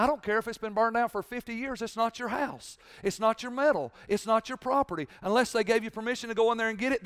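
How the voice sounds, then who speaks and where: High-voiced preaching pastor, dry and clear. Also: male voice, fast talker, hardly any pauses, dry recording. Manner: preaching with rising, shouted emphasis and repetition. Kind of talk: sermon.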